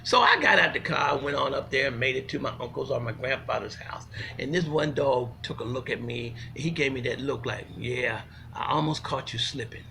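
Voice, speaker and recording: A man telling comic stories in a folksy, animated way, swinging from loud to hushed. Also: mid-range voice, brisk, creaky, a little hiss or hum. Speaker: storyteller. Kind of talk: comic storytelling monologue.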